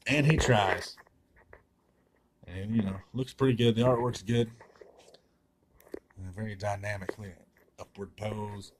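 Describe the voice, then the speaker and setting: A man's voice: lowish voice, steady tone, unhurried, long pauses, background noise. A man reviewing a comic in a casual, sarcastic and blunt way, swearing freely.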